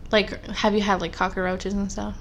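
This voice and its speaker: A young woman co-hosting a podcast in casual chat, telling animated, rambling stories full of fillers. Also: mid-range voice, moderate pace, a little hiss or hum. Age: young adult. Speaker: podcast co-host.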